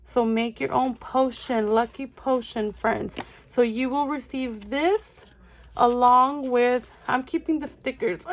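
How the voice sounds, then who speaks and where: High-voiced, slow-talking gushing woman. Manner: gushing, excitable, calls viewers friends. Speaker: budgeting channel host. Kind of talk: casual unboxing chat.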